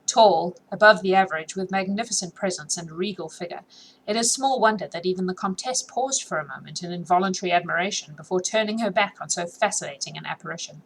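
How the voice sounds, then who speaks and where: Her voice is on the low side with a fairly bright tone, captured on a low-quality recording. She's a woman with a sore throat giving her followers a casual read-aloud of a classic novel, chatting along and correcting her slips.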